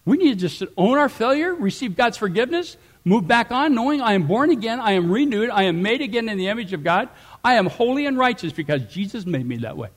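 A middle-aged man preaching a sermon, animated, swinging between loud emphatic rises and quiet asides. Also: sits high, a little fast. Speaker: pastor.

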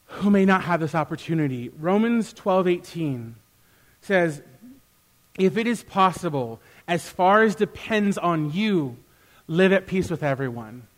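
Man, high-pitched voice, sermon in church, animated delivery, acts out quoted exchanges. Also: a little slow. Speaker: pastor; youth worker.

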